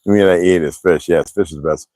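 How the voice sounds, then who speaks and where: A man's voice: sits low, brisk, darkish tone, no echo, low-quality recording. An older man from the US East Coast, rambling and profane in casual livestream chat, answering viewers as he goes. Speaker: livestream host.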